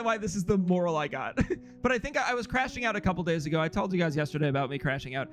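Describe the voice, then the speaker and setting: A man's voice: high voice, fairly bright tone. A man streamer chatting casually and rambling through a story with frequent chuckles.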